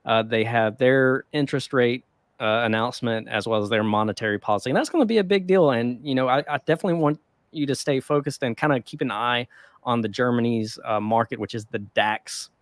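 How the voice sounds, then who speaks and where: A man's voice: medium pitch, a little fast, no echo. A man co-hosting a casual podcast, rambling loosely with lots of fillers and frequent chuckles. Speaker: podcast co-host. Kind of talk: casual chat about the stock market.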